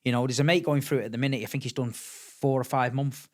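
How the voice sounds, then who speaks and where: A man's voice: medium pitch, fast. A middle-aged man from England, a podcast guest chatting casually and acting out the voices in his stories. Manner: animated storyteller, acts out quotes, repeats words. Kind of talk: casual chat.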